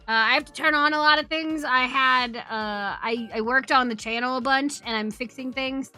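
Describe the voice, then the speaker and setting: A woman's voice: high-pitched, normal speed, bright, forceful tone, smooth, soft background music. A woman streamer chatting casually, telling a rambling, profane story and laughing as she greets her chat. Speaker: Twitch streamer.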